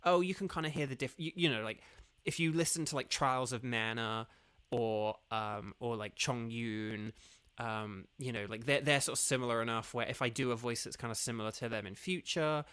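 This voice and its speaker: A man's voice: medium pitch, normal speed, fairly bright tone, clear, resonant tone, no echo. Rambling English man streaming casually. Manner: rambling, many fillers and restarts. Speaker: streamer and voice actor. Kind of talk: casual livestream chat.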